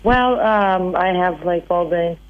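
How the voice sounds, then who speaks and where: A woman's voice: fairly low pitch, takes it slowly. Portuguese woman talking english, lots of ums, kinda muffled lo-fi sound. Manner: hesitant, thoughtful, many fillers. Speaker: singer guest. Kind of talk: casual interview chat.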